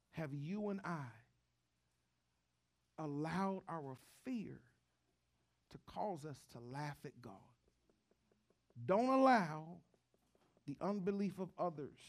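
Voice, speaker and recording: High-voiced pastor preaching with humor. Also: male voice. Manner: humorous storytelling, swings from joking to quiet earnest preaching. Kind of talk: sermon.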